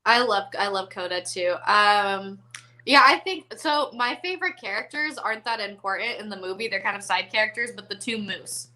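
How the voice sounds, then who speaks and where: Chatty woman host, bright, crisp voice, lots of "um" and "like". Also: mid-range voice, animated, moderate pace, poor audio. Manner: chatty, giggly, filler-heavy. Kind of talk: casual movie chat.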